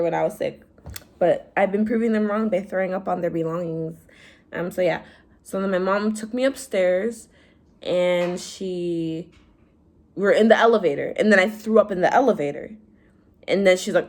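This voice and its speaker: A young woman vlogger telling stories in casual chat, animated, acting out quotes in a higher voice. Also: a little fast. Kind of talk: casual storytime vlog.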